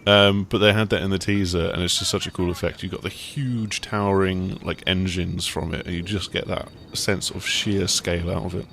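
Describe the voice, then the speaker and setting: A man's voice: low voice, level tone, normal speed, gravelly, hardly any pauses, a bit bright, slight background noise. A man hosting a casual video game chat, talking in a rambling, enthusiastic way. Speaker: gaming site host.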